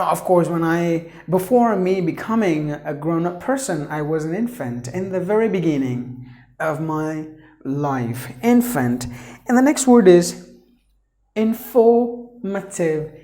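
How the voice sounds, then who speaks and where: Slow, mellow male pronunciation teacher. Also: fairly high pitch, animated, roomy sound. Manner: repeats each word several times, drawn out for drilling. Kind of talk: pronunciation lesson.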